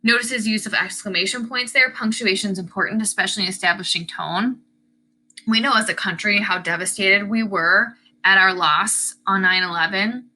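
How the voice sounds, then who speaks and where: A woman teacher with a sharp, mid-range voice at normal speed gives a lesson on an essay's tone and word choice. She reads passages aloud and comments on them, though the recording is rough.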